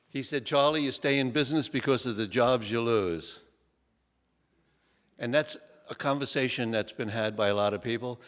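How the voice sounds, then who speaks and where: A man's voice: fairly low pitch, a bit bright. An older man, an author, tells folksy stories to an audience, often restarting and tossing in "okay?" as he goes. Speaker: author speaking at a book talk. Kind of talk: relaxed anecdotal talk to an audience. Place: lecture hall. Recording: long hall reverb.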